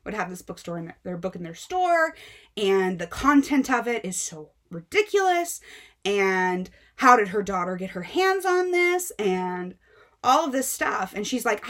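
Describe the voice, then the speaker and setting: A young woman book vlogger retelling a story in a casual, animated, exasperated way with many fillers. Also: medium pitch, moderate pace.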